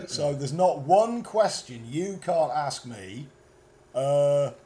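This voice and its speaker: A man's voice: on the high side, lively intonation, slow, dark tone. A British man co-hosting an improvised comedy chat, rambling and stumbling with mock confidence from a motorway service station. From Britain. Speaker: podcast co-host.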